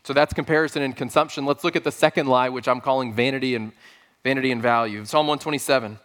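A man's voice: medium pitch, fairly even intonation, quick pace, a bit bright. A man preaching a sermon as pastor, earnest and emphatic, building points through repeated phrases.

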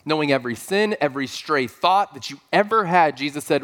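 A man's voice: on the high side, animated, fairly quick, a bit bright. A man preaching a sermon as pastor, earnest and emphatic, building points through repeated phrases.

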